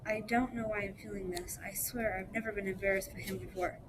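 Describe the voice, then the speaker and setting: A woman reading aloud, voicing a tearful teenage girl who speaks softly through her crying. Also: medium pitch, fairly quick, natural voice. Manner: soft, quiet, crying speech. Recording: steady background noise.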